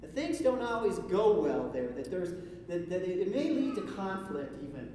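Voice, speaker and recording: A preacher gives a relaxed, conversational sermon, posing rhetorical questions and restarting his thoughts mid-sentence. His voice comes from a distance in a large reverberant church, with a long echo trailing each phrase and faint room ambience underneath. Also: mid-range voice, moderate pace, slight background noise. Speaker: pastor. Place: church sanctuary. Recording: echoey hall recording from far off.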